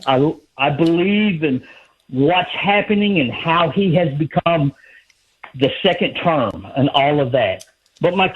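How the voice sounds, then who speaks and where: A man with a Southern US accent calls in to a radio show, folksy and unhurried, stopping to gather his thoughts. His voice is husky and fairly high. It comes through a thin, tinny phone line. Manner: folksy, hesitant, questioning. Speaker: caller. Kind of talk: phone-in call.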